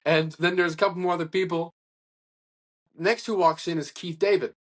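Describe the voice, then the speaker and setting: A man's voice: a little high, moderate pace. Talkative man telling a long story. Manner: rambling, animated anecdotes with restarts and acted-out quotes. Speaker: interview guest. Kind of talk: casual conversational storytelling.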